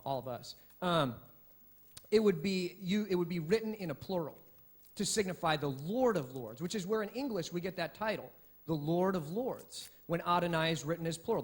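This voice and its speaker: A man preaching a sermon as pastor, in a lively, conversational way with frequent restarts. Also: high voice.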